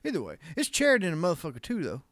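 A man's voice: fairly high pitch, wildly swooping pitch, racing, no room sound. A man from the American South co-hosting a podcast, who swears freely in a casual chat. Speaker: podcast co-host.

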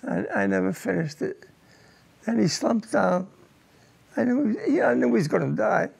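An older man, a war veteran, telling his combat memories in an oral history interview, halting and repeating words as he goes. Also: high-pitched, expressive, vocal fry, darkish tone, slightly rough.

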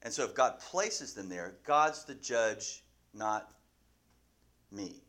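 A man's voice: fairly low pitch, lively intonation, slow pace, a bit bright. Questioning male Bible class teacher. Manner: asks the class questions, restarts often.

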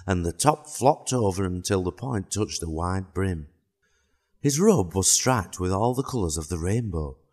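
A man narrating a children's storybook in a calm, even way. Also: low voice, breathy edge.

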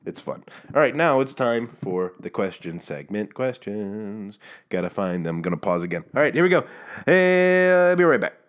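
A man with a very low, deep voice rambles through his solo podcast. He talks casually and sarcastically, stumbling over restarts and slipping into mock outrage. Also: very animated, moderate pace. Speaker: podcast host.

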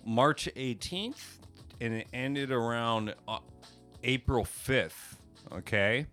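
A man's voice: mid-range voice, slow, pushed and bright, faint music behind. A man telling a long story in casual podcast chat, rambling with many fillers and casual swearing. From United States. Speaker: podcast co-host.

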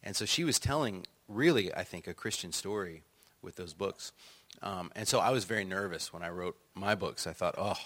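Low-voiced man telling lively stories. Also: normal speed, hardly any pauses. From United States. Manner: animated, acts out quotes, laughs often. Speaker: author and songwriter guest. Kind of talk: conversational storytelling.

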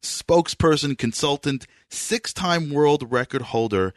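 A man from New York hosts a radio interview, speaking with a New York accent. His delivery is animated and emphatic, with a very lively swinging pitch. The sound is dry and close, with no room around it. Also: measured pace, no echo. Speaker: radio show host.

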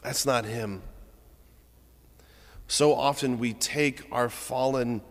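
Male preacher, casual reflective homily, middle pitch, long church reverb. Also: steady tone, slow. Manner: conversational, reflective, with restarts.

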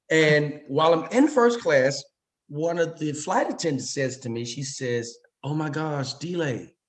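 A man from Louisiana, a comedian guest, telling a story animatedly and acting out the dialogue. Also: a little high. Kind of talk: storytelling in an interview.

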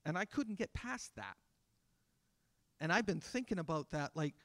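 Man, 50s, pastor, conversational sermon, fairly high voice, dry close sound. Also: expressive, normal speed, no room sound. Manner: conversational preaching, acting out little scenes in soft voices. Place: church.

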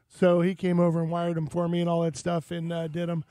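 Talk-show host, male, high voice, dry close mic, casual rambling storyteller. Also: monotone, fairly quick, few pauses, warm tone, no echo. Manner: rambling anecdotes with frequent fillers.

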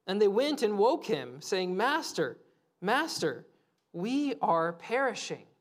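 A preacher in their thirties giving a conversational sermon, telling stories, laughing easily and pausing for quiet reflective asides. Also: medium pitch. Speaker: pastor.

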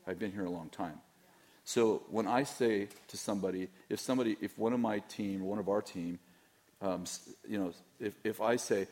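A middle-aged pastor with a lowish, somewhat dark voice speaks at an ordinary pace. He's answering questions candidly for a church audience, rambling and teasing as he keeps restarting his sentences.

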